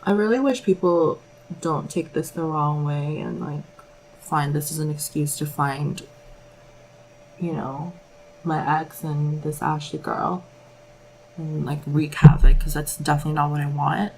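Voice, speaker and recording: Young female beauty vlogger, casual and candid, with a low, gravelly voice. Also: fairly even intonation, a little slow, a little mellow, slight background noise, rough recording. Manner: candid, rambling, peppered with 'like'. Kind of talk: casual makeup vlog chat.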